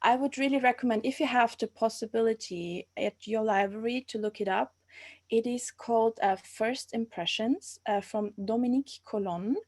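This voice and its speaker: A woman's voice: on the high side, moderate pace, darkish tone. A woman in her twenties from Austria, speaking English with an Austrian German accent as an interview guest, hesitant and often restarting as she searches for words. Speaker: guest, archaeology master's student. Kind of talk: casual interview over a live stream.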